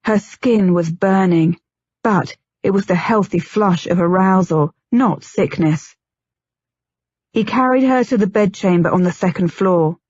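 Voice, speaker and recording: A woman narrating an audiobook in a steady, measured voice of middle pitch with a husky edge. The sound is dull and lo-fi. The room is dry and close. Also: no room sound. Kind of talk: scripted narration.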